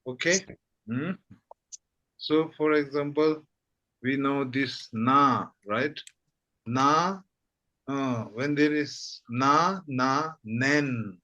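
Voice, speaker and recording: A man's voice: medium pitch, very slow, long pauses, pushed and bright, lo-fi sound. A man teaching a language lesson patiently, checking understanding with frequent questions. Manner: patient, repeats "okay?" often.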